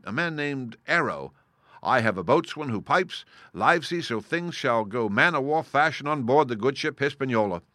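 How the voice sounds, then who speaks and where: A man reading a classic adventure novel aloud as an audiobook, in steady, measured storytelling narration. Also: medium pitch, no room sound, studio quality. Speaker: audiobook reader. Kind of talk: scripted narration.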